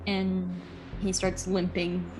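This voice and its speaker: A woman game master narrates a tabletop horror session in a relaxed, explanatory way. Her voice stays level, with little rise or fall, and faint music sits behind her. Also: lowish voice, slow.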